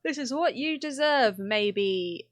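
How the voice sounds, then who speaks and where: A woman's voice: fairly high pitch, animated, slow pace, no echo. A young woman chatting and exclaiming through a live game stream, laughing often. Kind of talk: casual live gameplay commentary.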